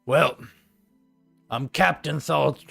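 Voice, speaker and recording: A man voicing a grumpy, straight-faced male dwarf ship captain in a tabletop game, gruff and deadpan. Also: fairly high pitch, extremely slow, faint music behind, heavily acted. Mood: dry.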